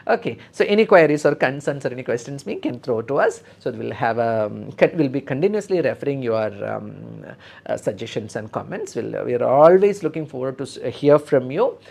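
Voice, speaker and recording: A woman's voice: a bass voice, lively intonation, a little fast, vocal fry, a little mellow. A woman with a Kerala Indian English accent teaching an OET speaking lesson live, rehearsing nurse role-play lines again and again and encouraging her dear students.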